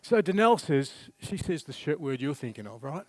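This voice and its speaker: A middle-aged man delivers a sermon with a chatty, self-deprecating warmth of humor. His voice sits a touch higher than most men's. The sound is dry and close, with little room echo. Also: very animated, brisk. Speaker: preacher. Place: church.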